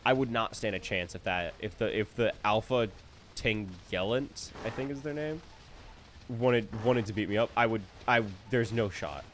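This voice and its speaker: A young man streaming a video game live, commenting excitably with jokes and playful boasts. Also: fairly low pitch, moderate pace, a little hiss or hum.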